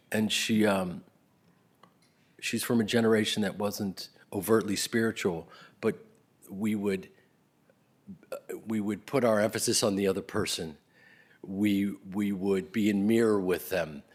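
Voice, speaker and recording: A middle-aged man giving a spoken tribute, telling stories about his parents, sometimes loud and laughing, sometimes soft and close to a whisper. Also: on the low side. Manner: swings between loud laughing bursts and soft near-whispers. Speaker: eulogy speaker.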